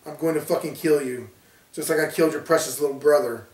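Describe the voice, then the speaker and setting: A man's voice: a little high, fast, natural voice. A man reading a horror story aloud, voicing a deranged young male killer with a cold, taunting manner. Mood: whispered menace. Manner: taunting, menacing. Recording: roomy, distant from mic.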